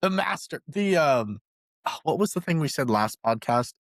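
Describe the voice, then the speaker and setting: A man co-hosting a podcast in casual chat, telling stories with animated delivery and acted-out voices. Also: fairly high pitch, normal speed, dry recording, studio quality. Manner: animated storyteller, voices characters in jokes. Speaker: podcast co-host.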